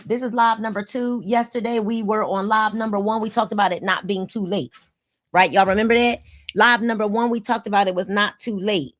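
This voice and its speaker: A woman's voice: mid-range voice, fairly even intonation, fairly quick, fairly bright tone. A woman, hosting a casual livestream and greeting viewers by name in an upbeat way. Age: 50s. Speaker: host of a livestream.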